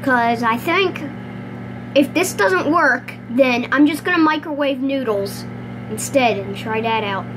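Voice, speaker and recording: A woman's voice: high voice, expressive, a little slow, noisy background. Exasperated young woman vlogging at home. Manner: exasperated, frequent outbursts of disbelief. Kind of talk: casual home vlog.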